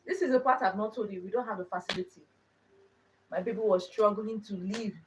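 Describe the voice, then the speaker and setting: A woman's voice: mid-range voice, a little fast, far from the mic, a little hiss or hum, low-quality recording. A young adult woman hosting her own channel, telling a personal story in an earnest way, repeating phrases for emphasis. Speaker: channel host.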